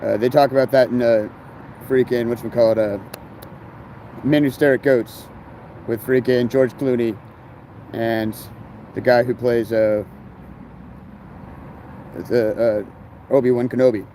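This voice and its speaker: A man's voice: medium pitch, steady tone, a little slow, pauses often, mellow, slight background noise. A man talking in a rambling, casual monologue full of slang and fillers about life on the road. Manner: meandering, filler-heavy, laid-back slang.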